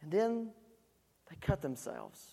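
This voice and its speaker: Preacher, lively sermon, joking storyteller, shouts then hushes, long hall echo. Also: mid-range voice, takes it slowly, husky. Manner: animated, swinging between loud shouts and quiet asides.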